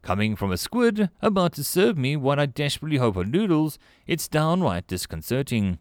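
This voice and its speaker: A man's voice: a little high, very animated, moderate pace, no echo, clean studio sound, voice pushed up. A man voicing a sardonic young spacer woman. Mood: wry. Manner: sardonic, incredulous. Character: wry, skeptical young human woman spacer. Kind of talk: audiobook character voice.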